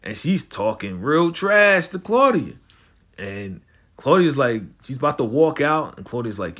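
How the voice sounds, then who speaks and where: A man's voice: medium pitch, very animated, a little slow, fairly bright tone. A man casually recapping a TV episode in slangy talk, acting out the characters' lines as he goes.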